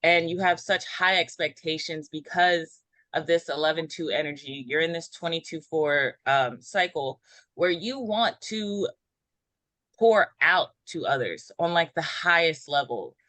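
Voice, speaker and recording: A woman giving an intuitive numerology reading in a casual group chat, meandering and filling pauses with ums. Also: low-pitched, a bit bright, no echo. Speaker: numerology reader.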